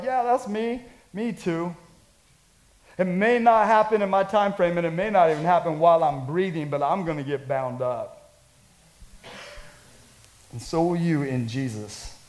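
A male pastor delivers a sermon in a notably high voice. He moves between scripture reading and energetic, chatty asides to his congregation. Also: rough recording. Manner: energetic, conversational preaching with dramatic readings.

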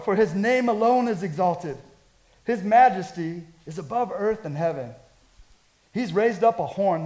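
A male pastor delivers a sermon in a notably high voice. He moves between scripture reading and energetic, chatty asides to his congregation. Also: low-quality recording. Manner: energetic, conversational preaching with dramatic readings.

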